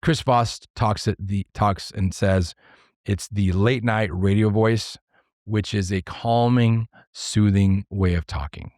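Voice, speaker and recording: A man talks solo on his podcast in a fairly low voice, laying out ideas point by point. He is earnest and now and then gets excitable. The recording is close and dry, with no room sound. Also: slow, no room sound. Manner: earnest, explains step by step with numbered points; excitable at times. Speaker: podcast host. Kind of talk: solo podcast talk on leadership.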